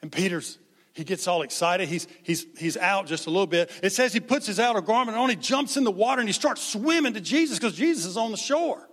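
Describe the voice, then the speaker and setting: High-voiced man preaching in a reverberant hall. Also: fairly quick. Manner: conversational, animated, acts out quotes. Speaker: pastor. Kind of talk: sermon.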